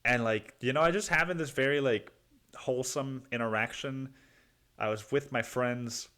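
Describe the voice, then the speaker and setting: A man's voice: mid-range voice, moderate pace, pushed and bright. A man from Mexico hosting a solo podcast, rambling casually, swearing a lot and calling the listener dude. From Cancun, Mexico. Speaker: podcast host.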